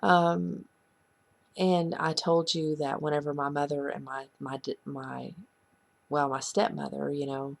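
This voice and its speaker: A woman earnestly sharing a painful personal story in a halting, confessional way. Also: deep voice, little pitch movement, gravelly. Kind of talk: heartfelt personal testimony.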